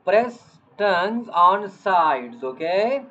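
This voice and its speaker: A teacher walks a young learner through letter sounds, repeating each one again and again. The delivery is very slow and patient, full of gentle check-ins. The recording sounds dull and lo-fi. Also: mid-range voice, sing-song. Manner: patient, repeats letters many times, says "okay, beta". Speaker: Quran reading teacher. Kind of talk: slow letter-by-letter lesson to a child. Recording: dull lo-fi audio.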